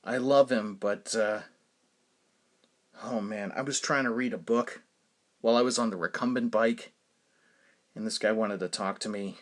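A man's voice: lowish voice, moderate pace, long pauses. A man in his forties hosting his own podcast, telling rambling stories in a casual monologue with lots of fillers and laughs. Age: 40s. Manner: rambling, animated storytelling with frequent fillers and laughs. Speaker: podcast host.

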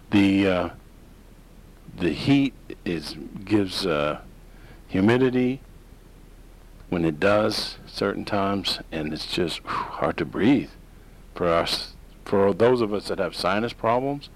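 A man's voice: deep voice, low-quality recording. A man hosting a talk radio show, rambling through opinionated casual monologue with many fillers and restarts.

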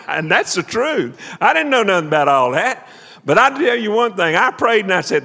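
A man preaching a sermon as a folksy, animated story, shouting praise and laughing along the way. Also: sits high, normal speed, vocal fry. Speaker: preacher and minister of missions. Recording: echoey hall.

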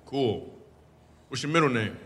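Speaking a little slowly, this man has a medium-pitched, expressive, slightly bright voice. He's a stand-up comedian doing crowd work through a handheld microphone in a hall, playfully ribbing the audience and laughing a lot. The live show echoes around the room, and faint audience laughter can be heard.

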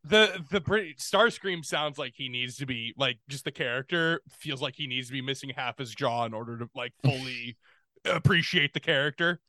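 A man co-hosting an interview, playful and quick to laugh. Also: mid-range voice, pushed and bright, dry recording. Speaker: podcast co-host. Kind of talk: casual interview chat.

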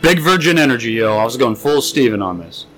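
Lively, bright-voiced young guy rambling. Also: mid-range voice, a little fast, soft background music, rough recording. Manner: rambling, crude, jokey. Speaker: podcast co-host. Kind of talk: casual crude chat.

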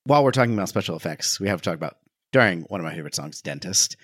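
Low-voiced man chatting on a podcast. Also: lively intonation, very fast, no room sound, clean studio sound. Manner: rambling, amused, restarts often. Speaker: podcast co-host. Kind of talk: casual chat.

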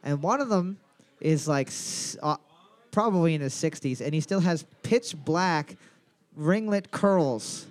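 A man's voice: fairly high pitch, animated, measured pace, no echo. A man hosting a trivia night, reading each question twice and joking between rounds. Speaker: trivia quiz host.

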